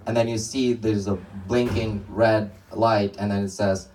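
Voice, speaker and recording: A man's voice: fairly low pitch, fairly even intonation, measured pace, a little mellow, recorded from a distance, poor audio. A young man doing a stand-up comedy set on a club stage, telling rambling stories with many restarts.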